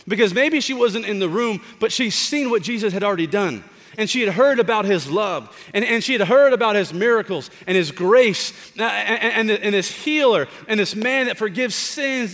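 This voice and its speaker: A man in his thirties preaching a sermon as pastor, animated and conversational, joking with the congregation. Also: high-pitched, moderate pace. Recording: long hall reverb.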